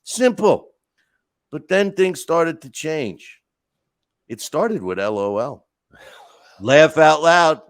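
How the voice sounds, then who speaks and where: A man hosting a podcast, talking through casual stories and rants in an animated way with lots of restarts. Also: a little high, takes it slowly, pauses often, dry recording. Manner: animated storytelling, frequent restarts and asides. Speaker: podcast host. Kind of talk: casual monologue.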